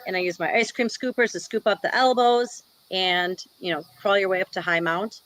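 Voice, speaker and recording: A woman's voice: mid-range voice, fairly even intonation, moderate pace, fairly bright tone, rough recording. A woman from Wisconsin, a jiu-jitsu instructor, talking casually in an interview and filling her sentences with "like" and "you know.". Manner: chatty, many "like" and "you know" fillers. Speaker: guest, jiu-jitsu black belt and instructor.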